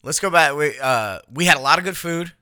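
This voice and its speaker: Bright, crisp-voiced man teasing and laughing. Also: fairly high pitch, expressive, a little fast, no echo, studio quality. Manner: laughs often, teasing storyteller, swears freely. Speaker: podcast co-host. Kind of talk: casual chat.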